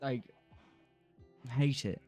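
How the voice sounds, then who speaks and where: A man's voice: mid-range voice, very slow, mellow, faint music behind. A man streaming a building game, rambling casually, swearing freely and laughing often. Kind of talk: casual livestream commentary while gaming.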